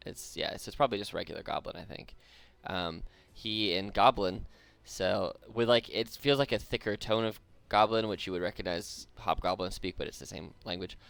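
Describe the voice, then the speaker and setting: A young man with a very low, gravelly voice runs a tabletop game as dungeon master. His tone is smooth and resonant. He narrates the combat vividly in a relaxed way. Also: normal speed, hardly any pauses, dry recording. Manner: laid-back, chuckling, vivid combat narration.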